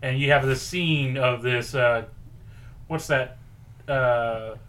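A man co-hosting a podcast, pitching a story in rambling casual chat and acting out quoted lines. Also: slow pace, a bit bright. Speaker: podcast co-host pitching a movie idea.

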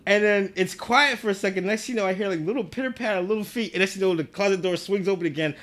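A man's voice: high voice, racing. A man telling a story in a casual podcast chat, acting out the people in it and laughing often. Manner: animated, acts out the people in his stories, laughs often.

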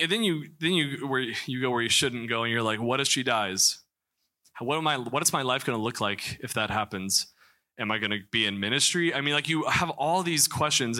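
Young male preacher from Missouri, candid testimony, very bright tense voice, frequent restarts. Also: medium pitch. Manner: candid storytelling with many restarts and fillers. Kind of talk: personal testimony in a church talk.

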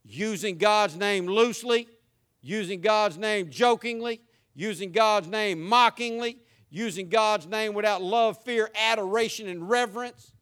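A man's voice: high-pitched, a little slow, fairly bright tone, clean tone. A man with a Southern US accent preaching a sermon, folksy and emphatic. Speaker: pastor.

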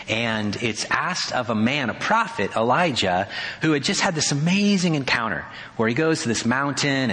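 A male pastor delivering a sermon in a conversational, animated way, with touches of wry humor. His voice is bright and forceful. It carries the long reverb of a church sanctuary. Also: mid-range voice. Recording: hall reverb.

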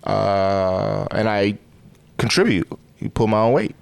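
A young man co-hosting a podcast, talking in a laid-back, low-key, dry way in casual group chat. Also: takes it slowly. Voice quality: deep gravelly voice. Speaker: podcast co-host.

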